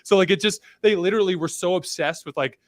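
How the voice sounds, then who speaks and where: A man's voice: sits high, quick pace, no room sound, clean studio sound. A man guesting on a podcast, talking animatedly and acting out quoted characters. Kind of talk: casual podcast chat.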